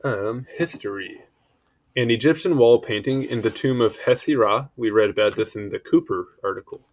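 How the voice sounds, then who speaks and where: A man's voice: mid-range voice, moderate pace. A man reading an encyclopedia article aloud in a casual way, stumbling over words and adding offhand asides. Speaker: article reader.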